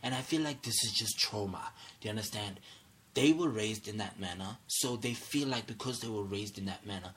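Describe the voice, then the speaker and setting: A man's voice: lowish voice, brisk, fairly bright tone. A young man hosting a solo podcast, angry and agitated, asking "do you understand" over and over. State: angry, irate. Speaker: podcast host.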